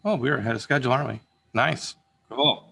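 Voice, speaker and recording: A man's voice: medium pitch, fairly quick, creaky, pushed and bright, slightly rough. A man directing a voice-acting session in a casual, encouraging way, restarting his sentences often.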